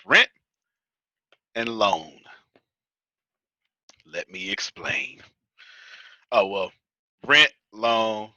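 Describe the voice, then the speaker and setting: An American business coach with a Houston-area Texas accent teaches a class to a live audience in a folksy, joking, colloquial way. His lowish voice is bright and forceful, and the recording is dry and rough.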